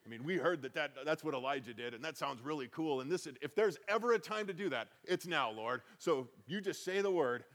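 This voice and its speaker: A man's voice: on the high side, lively intonation, brisk, hardly any pauses, a bit bright. A man giving a conversational Bible teaching, reading scripture aloud and then explaining it with chatty emphasis.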